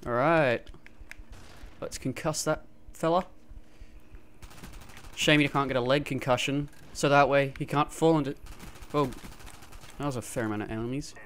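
A man giving live gameplay commentary through a gaming headset, excitable and quick to yelp and laugh in fights. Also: medium pitch, a little hiss or hum. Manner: excitable, frequent yelps and laughs during fights. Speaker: gamer.

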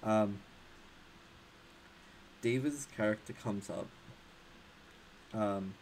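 A man runs a tabletop game session, narrating slowly and haltingly, his speech crowded with fillers and restarts. His voice sits low, and a faint noise hum lies under the recording. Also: darkish tone, rough recording. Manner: hesitant, many fillers and restarts. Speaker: game master.

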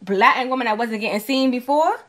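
A woman's voice: fairly high pitch, fairly quick. Talkative New woman. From New York. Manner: talkative, explains her points at length and acts out other people's voices. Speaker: podcast co-host. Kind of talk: casual chat.

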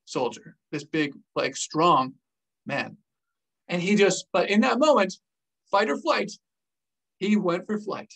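Ex army officer storytelling vlog, acts it all out, pitch jumps around a lot. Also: recorded from a distance, poor audio. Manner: animated, acts scenes out with gestures.

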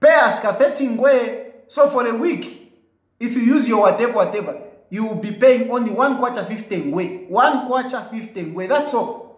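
A man with a Zambian English accent argues his case hard, hammering the same points again and again. His voice sits high for a man. The sound carries a roomy echo. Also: expressive, normal speed. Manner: emphatic, combative, repeats his points. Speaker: commentator answering viewers' comments. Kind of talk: live commentary replying to viewer comments.

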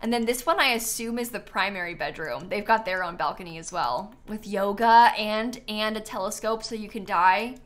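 A woman's voice: mid-range voice, moderate pace, few pauses, fairly bright tone. A young adult woman giving casual, enthusiastic live-stream commentary as she tours viewers' builds, chatty, often trailing off and repeating herself.

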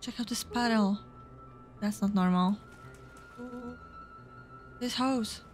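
A woman's voice: medium pitch, takes it slowly, soft background music. A woman casually reading game dialogue aloud as a let's play host, with fillers.

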